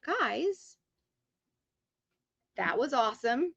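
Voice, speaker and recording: A woman hosting a live stream, chatting casually and excitedly to her chat viewers. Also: fairly high pitch, slow pace, no echo, highs cut off.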